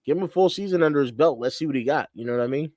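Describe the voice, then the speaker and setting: A man's voice: fairly high pitch, racing, darkish tone, dry recording, clean studio sound. A man from Connecticut hosting a casual sports chat show, laid-back and repeating himself, laughing often. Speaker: podcast host. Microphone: studio mic on a livestream.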